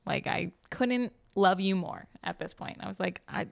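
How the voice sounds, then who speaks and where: A woman's voice: mid-range voice, moderate pace, vocal fry, no room sound. A young woman chatting on a podcast, telling a story with animation and acting out the quotes. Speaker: guest host. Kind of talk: casual podcast chat.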